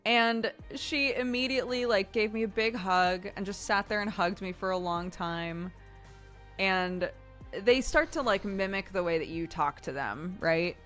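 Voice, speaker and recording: A woman's voice: medium pitch, unhurried, fairly bright tone, soft background music. A woman in her thirties chatting casually on a stream, telling a story and laughing often.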